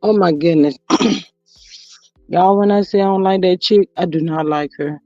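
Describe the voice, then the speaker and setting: A woman's voice: on the low side, unhurried, a little mellow, no echo. A woman hosting a casual livestream, chatty and sassy, greeting her viewers by name. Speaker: YouTube livestream host. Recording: dull lo-fi audio with faint music.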